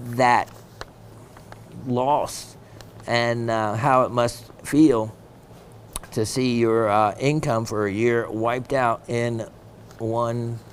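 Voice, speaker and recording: A man's voice: medium pitch, a little hiss or hum. A man hosting a gem shopping show, chatting casually and reading viewer messages aloud, with plenty of ums and uhs.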